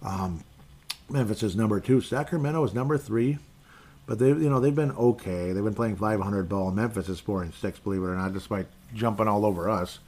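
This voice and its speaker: Podcast host, male, low voice, rambling opinionated fan chat. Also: brisk, a little mellow. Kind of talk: casual sports talk.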